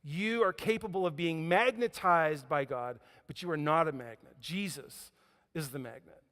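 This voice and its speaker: A man's voice: on the high side, moderate pace. Pastor, male, preaching a sermon with dramatic dynamics; long reverb of a big room. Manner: dramatic storytelling, swings between loud emphasis and quiet near-whispers. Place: church auditorium. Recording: hall reverb.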